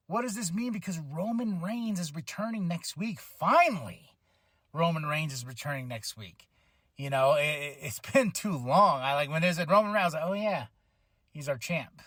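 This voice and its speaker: A man hosting a podcast, casually recapping a wrestling show, excitable, laughing often, swearing and acting out what people said. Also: fairly high pitch, no echo, studio quality. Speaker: podcast host.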